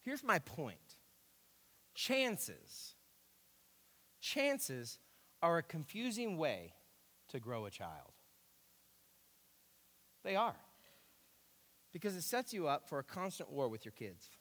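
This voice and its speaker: Emphatic male pastor preaching, a high and lively voice, echoing hall. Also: takes it slowly, pauses often. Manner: animated, emphatic, repeats key phrases. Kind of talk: sermon. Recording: echoey hall.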